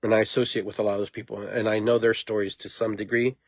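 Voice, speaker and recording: Animated, rambling man hosting a podcast. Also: on the low side, quick pace, dry recording. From immigrant to the United States. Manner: animated, rambling, laughs at himself. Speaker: podcast host. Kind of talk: casual monologue.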